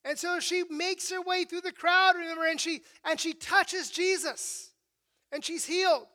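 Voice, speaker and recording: An emphatic preacher delivers a sermon, frequently asking "right?" and starting phrases over. The voice is high and bright. The delivery swings between hushed and raised passages. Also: steady tone, unhurried. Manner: emphatic, with frequent rhetorical "right?" checks and repeated restarts.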